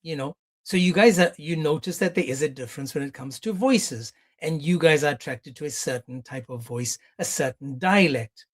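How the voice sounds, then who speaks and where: A man hosting a live reaction stream, animated and mocking, with exclamations. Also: fairly high pitch, normal speed, hardly any pauses.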